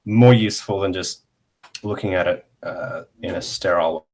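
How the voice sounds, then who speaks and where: A man giving a casual online pronunciation lesson, explaining slowly with many pauses and fillers while sharing his screen. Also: sits low, darkish tone. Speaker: language teacher.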